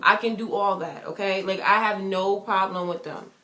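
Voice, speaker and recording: A woman's voice: medium pitch, fairly even intonation, moderate pace, pushed and bright. A young adult woman telling a personal story in a vlog, emphatic and repetitive, acting out what others said. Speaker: vlogger. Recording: roomy echo.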